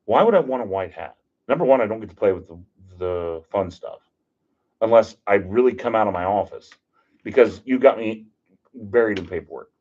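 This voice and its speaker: Guy on a podcast, storytelling, jokey and animated, kinda dull lo-fi sound. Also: on the low side, normal speed. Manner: animated, jokey, acts out quotes. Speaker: podcast guest. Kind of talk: casual storytelling.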